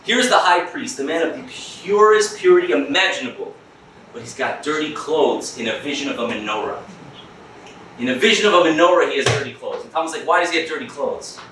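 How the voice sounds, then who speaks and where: A rabbi giving a lively, joking class at a school, acting out quick voices of other people as he teaches. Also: on the high side, distant mic, slight background noise. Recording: echoey room, mic from afar.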